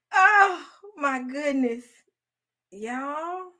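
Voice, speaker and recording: A woman, telling a story in casual chat with her followers, laughing often and swinging from loud to hushed. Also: sits high, expressive, extremely slow. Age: 40s. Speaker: online host talking to followers.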